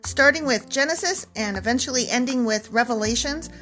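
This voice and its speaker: A woman's voice: a little high, fairly quick, pushed and bright, faint music behind. A woman co-hosting a podcast, chatting casually with playful, giggly banter. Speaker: podcast co-host. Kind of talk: casual chat.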